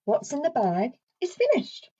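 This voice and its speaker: A woman leading a children's song and story session in a playful sing-song way, speaking slowly and clearly for toddlers. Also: high voice, wildly swooping pitch, mellow, muffled recording. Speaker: children's speech and language therapist.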